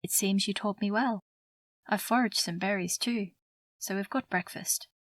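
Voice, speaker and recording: A woman's voice: mid-range voice, normal speed, no room sound, lightly acted. A woman narrator voicing a caring, resourceful young woman in an audiobook, speaking with concern. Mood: proud. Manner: careful, concerned.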